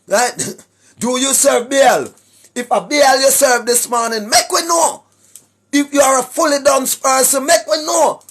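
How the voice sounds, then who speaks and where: High, husky Jamaican man preaching. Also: unhurried, a bit bright. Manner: sing-song rhetorical delivery, keeps asking "right?", clears throat often. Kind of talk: preachy livestream address to viewers. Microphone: speaking straight to a camera or phone.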